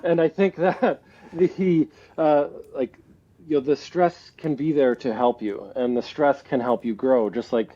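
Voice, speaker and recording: A man's voice: mid-range voice, unhurried, dark tone. A Canadian man in his forties, a guest speaking reflectively in a casual interview, often laughing and restarting his thoughts. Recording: slightly dull lo-fi audio.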